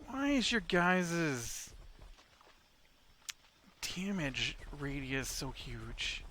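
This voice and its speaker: Slow, bright-voiced man narrating gameplay. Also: on the high side, sing-song. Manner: rambling, talks to his pet dinosaur. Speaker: gameplay video host. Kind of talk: casual gameplay commentary.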